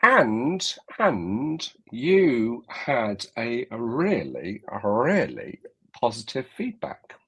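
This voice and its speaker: A man's voice: medium pitch, wildly swooping pitch, extremely slow, sharp tone, slightly rough. A man co-hosting a casual live stream, hesitant and stumbling over his words. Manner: hesitant, stammers and restarts. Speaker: co-host.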